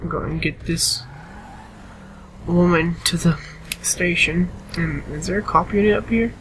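A tired man narrating his gameplay in a loose, chatty way, ordering the game characters around as he goes. His voice sits a little high for a man and sounds bright and sharp. A faint hiss runs underneath. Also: unhurried. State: tired, yawning. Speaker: gameplay commentator. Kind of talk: casual gameplay commentary.

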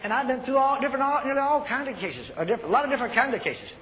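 An older man preaching a sermon, telling folksy stories and shouting commands. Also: extremely high pitch, animated, racing. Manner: folksy storytelling, shouts commands, repeats phrases. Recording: echoey hall, faint noise.

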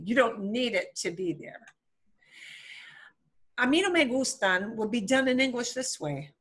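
A woman teaching a beginner Spanish class. She speaks slowly and patiently, in a bright, fairly high voice. She explains grammar with playful, homely comparisons. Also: breathy edge.

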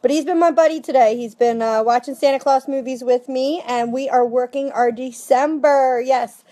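An upbeat woman in her thirties with a high voice talks through tips for her sales team from home. She keeps it chatty and casual and tags her points with quick "okay?" and "right?" check-ins. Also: steady tone, mellow. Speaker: direct sales team director. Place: home with family nearby.

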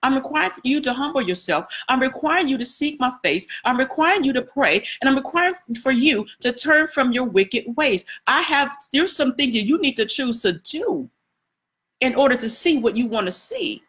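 Preaching woman with a high voice. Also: lively intonation, normal speed, fairly bright tone. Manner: conversational preaching with repetitions and asides to the congregation. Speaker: prophetess preaching. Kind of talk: sermon.

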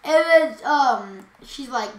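A woman's voice: high-pitched, slow. A teenage girl co-hosting a podcast, telling school stories in a casual chat and acting out what people said. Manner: animated storytelling, acts out quotes. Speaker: podcast co-host. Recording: echoey room.

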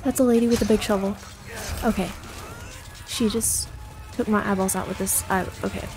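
A woman's voice: medium pitch, steady tone, normal speed, music in the background. A young woman giving casual let's play commentary in jittery, joking self-talk full of exclamations. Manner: jokey and self-deprecating. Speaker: gamer.

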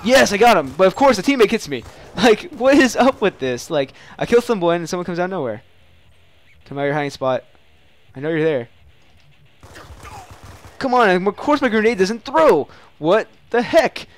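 A young man casually commenting while playing a shooter game, excitable and prone to loud yelps and mock-dramatic taunts. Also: high voice, normal speed. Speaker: gaming channel host. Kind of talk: live gameplay commentary.

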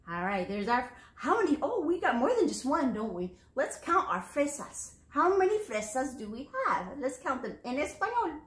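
Animated woman teaching little kids. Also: sits high, moderate pace, roomy sound. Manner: animated, exaggerated teacherly encouragement. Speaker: preschool Spanish teacher. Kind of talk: sing-song lesson for young children.

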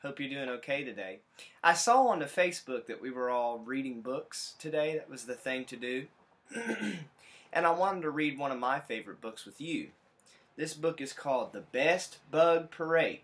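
A male teacher reading a picture book aloud to children, animated, explaining and pointing out the pictures. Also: medium pitch, normal speed.

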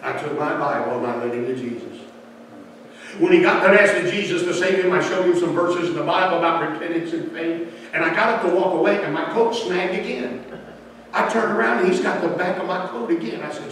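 A man preaching in a big church, his bright, forceful voice ringing out with long reverb from a distant mic. He tells his story folksy and loud, then drops to a hush, over a faint hiss. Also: fairly high pitch, fairly quick. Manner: folksy storyteller, dropping to soft quotes and rising to loud pleas. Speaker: revival preacher. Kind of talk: storytelling sermon. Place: church sanctuary.

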